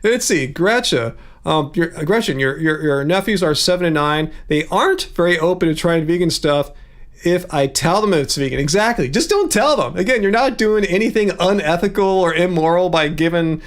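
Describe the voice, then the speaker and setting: A man hosting a casual livestream. He rambles, chuckles often and drops animated asides. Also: high voice, normal speed. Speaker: livestream host.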